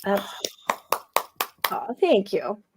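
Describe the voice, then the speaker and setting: A woman in her forties, a poet co-hosting a casual chat, talking in an animated, playful way. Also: mid-range voice, extremely slow, very noisy. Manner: animated, playful, acts out voices. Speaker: poet and co-host. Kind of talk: casual chat and poetry reading.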